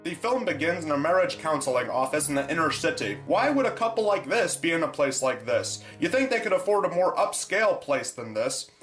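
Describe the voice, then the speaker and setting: A man narrating a comedic film review in a sarcastic, deadpan way. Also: fairly high pitch, a little fast, few pauses. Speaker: movie reviewer. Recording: echoey room with faint music.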